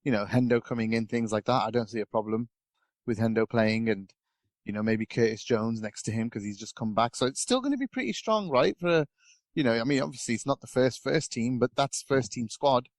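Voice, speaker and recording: A man's voice: mid-range voice, lively intonation, a little fast, dry recording. A man chatting casually as a podcast pundit, rambling with lots of fillers and restarts. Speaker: guest pundit.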